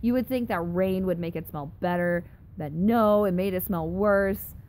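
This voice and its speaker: A woman's voice: fairly low pitch, normal speed, darkish tone. Giggly young woman chatting on a live stream. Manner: chatty and giggly, reacting with exaggerated disgust. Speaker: live streamer reading chat. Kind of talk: casual live-stream chat. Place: home in a dry desert city.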